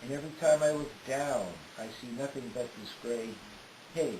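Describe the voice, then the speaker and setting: A man telling a detailed first-person story in an unhurried way, often pausing on "uh". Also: mid-range voice, fairly even intonation, a little mellow. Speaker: storyteller recounting a trip. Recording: roomy with faint hiss.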